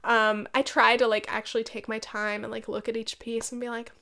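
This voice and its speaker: Chatty young woman podcaster, higher voice. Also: flat delivery, a little fast, vocal fry, bright, forceful tone. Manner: chatty, lots of "like" fillers, swears, laughs often. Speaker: podcast host. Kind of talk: casual solo podcast chat.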